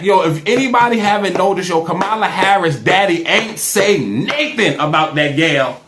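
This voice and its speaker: A man, a guest in a casual interview, talking in an animated, joking way and repeating his phrases. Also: high voice, normal speed, hardly any pauses, reverberant.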